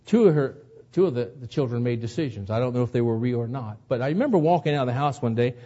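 A man's voice: medium pitch, animated, fast, warm tone, muffled recording. A man preaching a sermon, telling a personal story in an earnest way that builds to emotional moments. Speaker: pastor.

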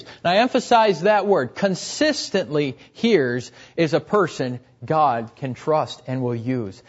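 A young man preaching a sermon earnestly, repeating key phrases and letting his voice drop at the end of each point. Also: sits high. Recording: dull, lo-fi recording.

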